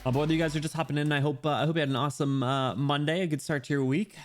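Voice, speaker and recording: A man's voice: a little high, steady tone, very fast, faint music behind. A young man chatting casually with his chat while streaming a game, laughing often and reading messages aloud.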